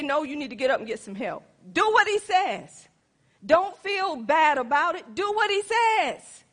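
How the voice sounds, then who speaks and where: A woman pastor preaching, telling a testimony to her congregation in an animated, emphatic way. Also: sits high. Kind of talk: sermon testimony.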